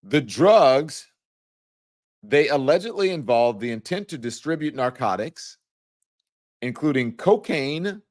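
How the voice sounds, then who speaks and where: A man hosting a talk show, reading a document aloud and adding playful, chatty asides to his viewers. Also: fairly high pitch. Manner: playful, quick to crack jokes. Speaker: show host. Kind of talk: live news commentary talk show.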